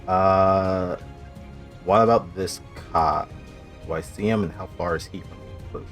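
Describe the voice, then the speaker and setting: Very deep-voiced man playing a tabletop game. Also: a bit bright, faint music behind. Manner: deliberate, thinks aloud about tactics. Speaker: player.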